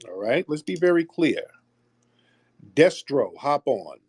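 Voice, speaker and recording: A man hosting a call-in audio show, arguing forcefully with callers, repeating himself and cutting them off. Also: fairly high pitch, big pitch swings, slow pace, breathy edge, dry recording. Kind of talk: argumentative call-in talk.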